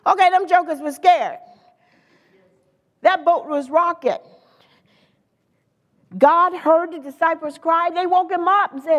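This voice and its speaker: Lively woman preacher in a reverberant hall. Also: very high-pitched, unhurried, pauses often. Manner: lively, conversational preaching with playful asides. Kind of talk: sermon.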